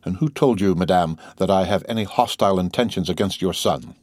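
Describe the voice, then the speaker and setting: Guy reading as a cold vengeful count, deep low voice, calm and bitter, dry close sound. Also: no echo. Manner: cold, measured, bitterly ironic. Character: proud, coldly vengeful nobleman, middle-aged man. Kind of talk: audiobook character reading.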